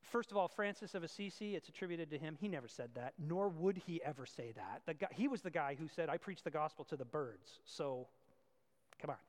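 A male pastor preaching a sermon, switching between loud emphatic points and quiet asides. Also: fairly high pitch, lively intonation, fairly quick, in a large hall.

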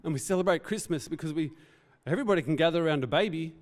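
An earnest man preaches, his voice sitting a little high for a man. He talks in a reflective, heartfelt way and speaks off the cuff. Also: racing, big-room sound. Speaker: pastor. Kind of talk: sermon.

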